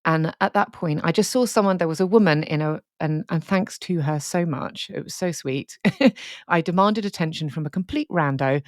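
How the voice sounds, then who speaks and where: A woman's voice: sits low, moderate pace, no echo, clean studio sound. A woman co-hosting a podcast, telling a candid, sweary, emotional story in casual chat. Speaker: podcast co-host.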